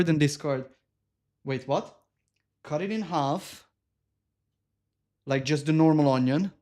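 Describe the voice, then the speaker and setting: A man chatting casually on a live cooking stream, animated and self-mocking, laughing often and reading viewer comments aloud. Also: on the high side, unhurried, pauses often. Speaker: livestreamer.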